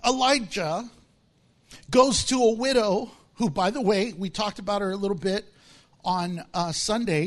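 A man preaching a sermon, animated and humorous, acting out little scenes in different voices and laughing often. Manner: animated, acts out voices with big pitch swings. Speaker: pastor.

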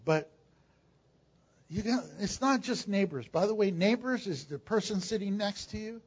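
An older man preaching a sermon as pastor, animated and joking, with sudden loud bursts. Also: sits high, moderate pace, husky, lo-fi sound. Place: church.

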